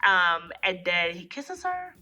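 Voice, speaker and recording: A woman giving a rambling, casual movie recap, full of fillers and quick acted-out quotes. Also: on the low side, very animated, sharp tone, soft background music. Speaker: movie reviewer. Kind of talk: casual spoken plot recap.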